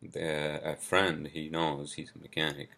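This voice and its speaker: Low gravelly man ranting. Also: flat delivery, unhurried, sharp tone. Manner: profane, frustrated ranting. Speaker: podcast host. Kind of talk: casual solo podcast rant.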